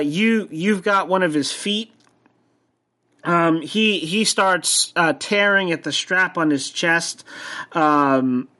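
A man running a tabletop game as game master, narrating hesitantly with many pauses and fillers. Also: fairly high pitch, a bit bright.

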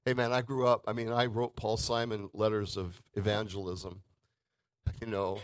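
A man preaching a sermon in a conversational way, with emphatic swings between loud and soft. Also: fairly low pitch, little pitch movement, moderate pace, smooth, no echo, low-quality recording.

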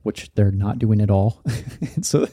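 Dark-voiced man telling a candid story. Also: on the low side, measured pace, no room sound. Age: 30s. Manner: candid, rambling with many fillers. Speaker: podcast host. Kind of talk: casual personal storytelling.

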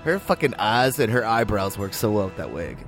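A man's voice: fairly low pitch, sing-song, brisk, faint music behind. A man co-hosting a film podcast, arguing in casual chat and swearing freely. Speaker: podcast co-host.

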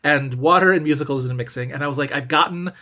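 A man's voice: fairly high pitch, fast, pushed and bright. A man co-hosting a podcast, chatting casually and opinionatedly about film awards, rambling with restarts. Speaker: podcast co-host. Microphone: desk mic, typing while talking.

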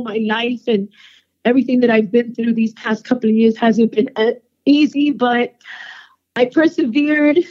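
A woman phones in to a radio show, her voice high and emotional, close to tears as she gives thanks. The call sounds dull and lo-fi, muffled by the phone line. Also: darkish tone. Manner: emotional, tearful and grateful. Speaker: singer calling in.

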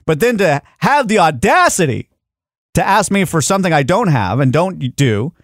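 A man's voice: fairly high pitch, sing-song, moderate pace, no echo. A man hosting a radio show, telling a story in casual studio banter and acting out the people he quotes. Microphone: studio mic.

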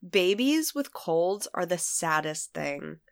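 A woman's voice: lowish voice, takes it slowly, no room sound, studio quality. Woman co-host with a cold. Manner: animated storyteller, laughs often. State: stuffy from a cold. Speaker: podcast co-host. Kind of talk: casual chat.

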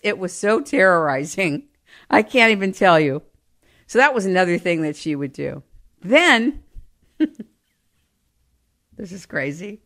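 A woman telling comic family stories in an animated, exaggerated way, often breaking into laughter. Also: on the low side, slow pace, long pauses. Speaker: storyteller. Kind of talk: comic personal storytelling.

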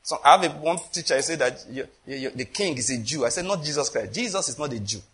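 A man preaching a sermon with passion, swinging between loud emphasis and quiet asides, often asking the congregation rhetorical questions. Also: medium pitch, lively intonation, quick pace.

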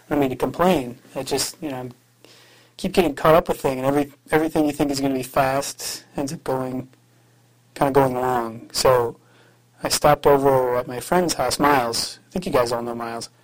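A man's voice: medium pitch, fairly even intonation, normal speed, rough recording. Rambling, hesitant man leaving a message. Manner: rambling, hesitant, with many fillers. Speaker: radio show host. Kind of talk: recorded voice message to the show.

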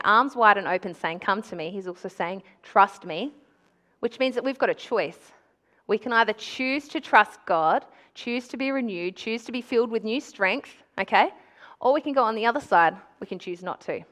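A young woman giving an animated, conversational sermon with call-and-response in a church. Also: mid-range voice. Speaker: preacher.

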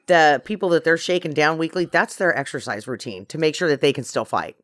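A man's voice: a little high, a little fast, a bit bright, no echo. A man co-hosting a casual podcast, laying out absurd theories with a straight face. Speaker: podcast co-host. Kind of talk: casual comedic chat.

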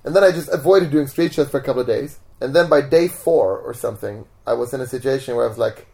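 A man's voice: mid-range voice, quick pace, creaky. A man from Sweden with a Swedish accent, a guest in a casual interview, telling stories at an easy pace with many "like"s and restarts. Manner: relaxed storytelling with repeated "like" and restarts. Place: home.

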